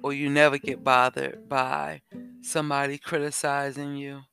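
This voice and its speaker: A man hosting a self-help podcast, talking slowly and repeating questions to the listener. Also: medium pitch, little pitch movement, vocal fry, pushed and bright, faint music behind. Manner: slow, repetitive, asks the listener questions. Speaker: podcast host. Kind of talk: reflective self-help talk.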